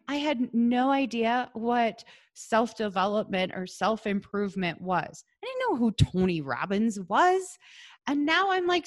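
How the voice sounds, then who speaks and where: A woman from the Midwest, hosting a casual solo podcast in a chatty, earnest way, with lots of "like.". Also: a little high. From American Midwest. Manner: chatty and earnest, heavy use of "like". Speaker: podcast host.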